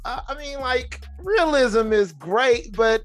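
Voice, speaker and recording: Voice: medium pitch, animated, slow pace, dry recording. A podcast host from the United States who keeps agreeing with the guest and then adds thoughts of their own, often chiming in with short remarks. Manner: affirming, lots of agreeing interjections. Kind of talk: podcast interview chat.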